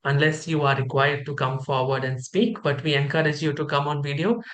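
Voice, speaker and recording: Over a video call, a host with a medium-pitched voice talks a little fast as she welcomes people to an online training session. She's upbeat and energetic, running a group game for everyone.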